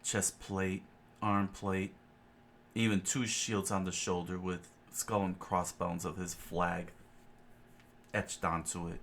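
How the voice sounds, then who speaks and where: A man reads a comic story aloud in a low, unhurried voice. He talks casually, with fillers and offhand asides, over a faint background hiss. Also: flat delivery, a bit bright. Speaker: reader.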